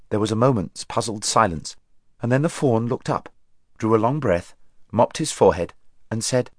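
A man narrating a storybook in an expressive reading voice. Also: fairly low pitch, normal speed, no room sound, clean studio sound. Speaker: audiobook narrator.

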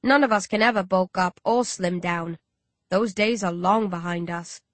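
A woman's voice: lowish voice, normal speed, dry recording. A woman reading a first-person story aloud as an audiobook narrator, shifting her voice slightly for each character.

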